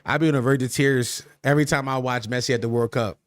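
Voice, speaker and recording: A man's voice: mid-range voice, steady tone, fast, no echo. A young man hosting a livestream podcast, talking loosely in slang and reacting to chat with laughs.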